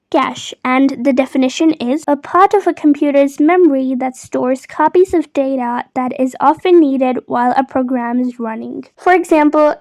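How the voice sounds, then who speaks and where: High-voiced young woman teaching pronunciation. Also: darkish tone. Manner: clear, deliberate, repeats words slowly. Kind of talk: explanatory video lesson.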